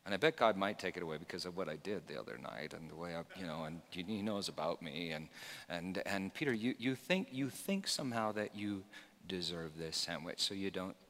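A man preaching a sermon, swinging from loud emphatic shouts to quiet, hushed lines. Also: low-pitched, lively intonation, fairly quick, big-room sound. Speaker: pastor.

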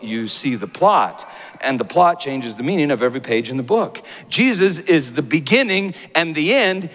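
A man preaching a sermon, dramatic and rising to loud high peaks. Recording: long hall reverb.

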